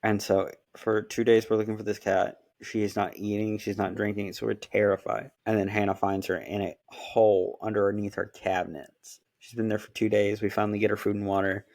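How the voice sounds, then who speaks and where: A man with a fairly low voice tells a long story about his cat in a loose, conversational way. He slips into quoted back-and-forth as he goes, and the recording sounds close and dry. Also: fairly quick, few pauses, no echo. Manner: animated storytelling with quoted dialogue. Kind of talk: casual chat, pet story.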